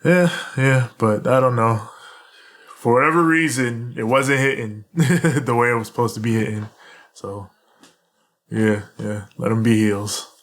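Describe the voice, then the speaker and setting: A man's voice: medium pitch, unhurried. Male podcast co-host, casual, laughs a lot, acts out quoted lines while recapping. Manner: laughs often, animated retelling with quoted lines.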